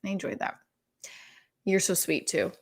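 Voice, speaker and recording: A woman comedian chatting loosely on her live stream, wandering from thought to thought. She swears freely and is quick to make fun of herself. Her voice sits at an everyday pitch. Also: fairly even intonation, vocal fry, breathy edge. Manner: rambling, profane, self-deprecating. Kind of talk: casual live-stream chat.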